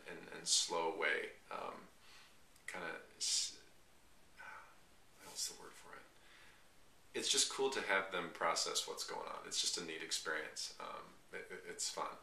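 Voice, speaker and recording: A young man talking casually in a trip diary vlog, rambling and halting with many restarts. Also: low voice, creaky, sharp tone. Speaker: long-distance walker vlogging his trip. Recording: echoey, distant, faint hiss.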